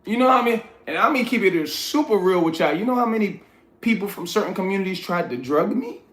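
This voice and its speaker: New guy on a livestream, blunt and preachy, kinda high voice, echoey room. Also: lively intonation, quick pace. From New York. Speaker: livestream host. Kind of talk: casual livestream chat, reading chat aloud.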